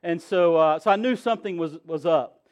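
A man's voice: a little high, fairly quick, clean tone. A man in his thirties preaching a sermon as pastor, earnest, repeating key phrases and building emphasis.

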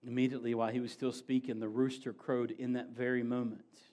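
A man preaching a sermon as pastor, building to emphatic raised passages and dropping to quiet low asides. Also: little pitch movement, brisk.

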